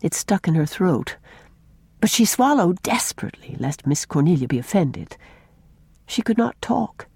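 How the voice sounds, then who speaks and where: Expressive woman reading a classic story. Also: fairly low pitch, normal speed, vocal fry, slightly rough, no room sound, studio quality. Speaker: audiobook narrator. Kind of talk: scripted storybook narration.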